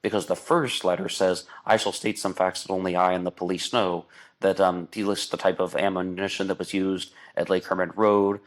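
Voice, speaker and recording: A man with a low, deep voice hosts an online radio show in casual, rambling commentary. He talks at length and slips into exasperated asides. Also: fairly even intonation, moderate pace. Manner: talkative, exasperated asides, mocks with put-on voices. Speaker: podcast host. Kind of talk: casual true-crime commentary.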